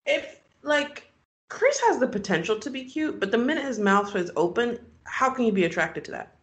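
A woman co-host chimes in with wry comments in a casual chat. Her voice is fairly high and swings widely in pitch. She sounds lively and animated. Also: normal speed. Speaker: podcast co-host.

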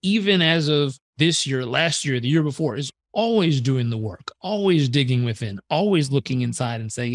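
Earnest man in his thirties, mid-pitched, animated storytelling guest, dry close mic. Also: moderate pace, few pauses, no echo. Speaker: podcast guest, performance coach. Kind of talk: casual interview storytelling.

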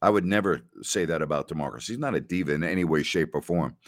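Speaking quickly in a very deep voice, a male podcast host casually answers listener questions and tells rambling stories, often repeating himself and laughing. The recording is dry and studio-clean.

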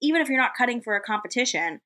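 A woman from Los Angeles co-hosting a casual podcast, animated and joking, with lots of "like" fillers. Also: a little high, very fast. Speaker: podcast co-host and competitor.

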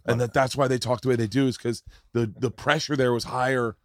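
A man's voice: medium pitch, a little fast, no echo, studio quality. Teasing, profane male podcast host. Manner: profane, teasing, animated storytelling. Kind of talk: casual podcast chat. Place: tour bus.

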